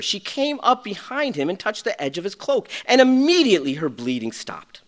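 A man delivers a sermon in a high, bright voice. He builds to shouted peaks and then drops into hushed storytelling. His pitch roams widely. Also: huge pitch swings, normal speed, hardly any pauses. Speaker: pastor.

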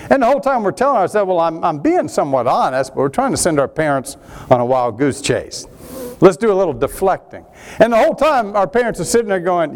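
A male pastor delivering a sermon with a slightly high voice. His pitch swoops constantly, climbing when he presses a point and dropping low for the reflective lines. He preaches with animated, conversational energy. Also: fast. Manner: animated preaching, rising and falling with emphasis.

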